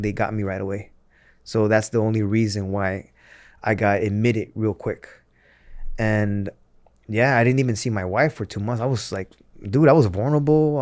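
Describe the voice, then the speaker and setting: A man's voice: fairly low pitch, darkish tone, no room sound. Emotional man recounting hardship, dry close sound. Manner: emotional, filler-heavy with frequent restarts and acted-out quotes. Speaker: interview guest, former pro wrestler. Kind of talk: candid conversational storytelling.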